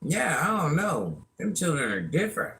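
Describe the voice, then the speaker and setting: A woman's voice: low voice, very animated, moderate pace, fairly bright tone. A woman in her fifties hosting a casual livestream chat, a chatty storyteller who laughs at herself as she talks to her viewers. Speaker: livestream host.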